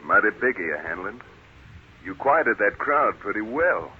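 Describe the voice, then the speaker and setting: An actor playing a steady, confident cowboy hero with a calm, commanding western drawl, in 1940s radio acting. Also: male voice, fairly low pitch, measured pace, slightly rough, exaggerated voice. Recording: tinny, hissy old radio broadcast.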